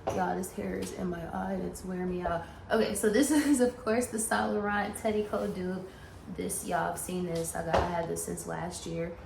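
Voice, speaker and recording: Excitable woman with vocal fry. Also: lowish voice, moderate pace, background noise. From Atlanta, US South. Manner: gushing, excitable, swears freely. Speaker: vlogger. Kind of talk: casual vlog chat.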